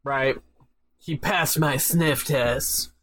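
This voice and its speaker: A man's voice: a little high, steady tone, drawn-out words, fairly bright tone. A man co-hosting a podcast, chatting casually with wry jokes and frequent laughter. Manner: wry, joking, laughs often. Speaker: podcast co-host.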